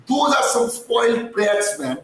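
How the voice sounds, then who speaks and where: A man's voice: extremely high pitch, very animated, measured pace. A man hosting a live-stream fan commentary, ranting heatedly, swearing and then apologizing for getting worked up. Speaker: fan channel host. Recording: echoey distant mic with faint noise.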